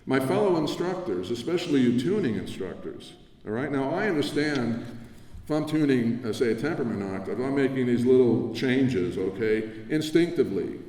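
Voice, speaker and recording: An older man delivers a rambling, reminiscing acceptance speech in a dark, mellow voice. He stands well back from the microphone, and his words carry through the long reverb of a large convention hall. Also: mid-range voice, animated, moderate pace. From New Jersey. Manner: warm, reminiscing, conversational with asides. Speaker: award recipient giving acceptance speech. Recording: echoey hall from far off.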